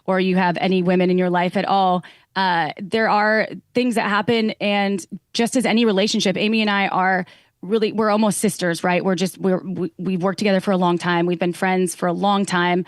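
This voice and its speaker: A woman's voice: mid-range voice, level tone, moderate pace, dry recording. A woman talking earnestly as a podcast guest, acting out the lines she quotes. Her voice sits in a middle range and is recorded close and dry, with no room sound. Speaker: guest, sex educator. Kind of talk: casual chat.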